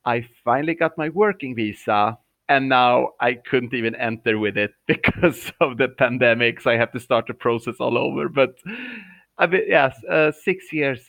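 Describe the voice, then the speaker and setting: A man's voice: medium pitch, normal speed, gravelly, fairly bright tone, dry recording, low-quality recording. A man from Sweden, a professional clown who chats cheerfully and laughs often as a guest on a remote call.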